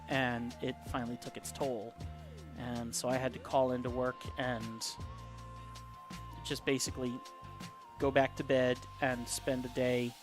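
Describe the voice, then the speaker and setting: A man live-streaming his drawing, chatting casually and reading viewer comments aloud in a rambling way. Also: medium pitch. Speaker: caricature artist live-streaming.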